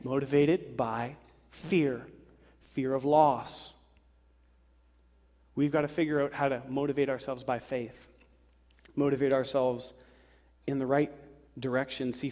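A man preaching a sermon to a congregation, lively and acting out worried voices. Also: a little high. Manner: animated, acts out worried voices. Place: church sanctuary. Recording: long hall reverb.

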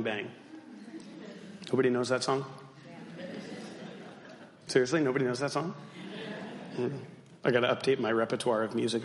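A man's voice: on the high side, a bit bright. A man in his thirties preaching a sermon as pastor, with humorous self-deprecating asides, his voice still a little weak. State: voice still weak after losing it. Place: church sanctuary. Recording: echoey church hall.

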